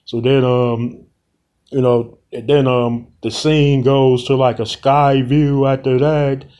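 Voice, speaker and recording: Young guy recapping a movie scene, laid back and rambling, average pitch. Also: little pitch movement, darkish tone, smooth, muffled recording. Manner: rambling and slangy, many pauses. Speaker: storyteller. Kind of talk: casual retelling of a short film plot.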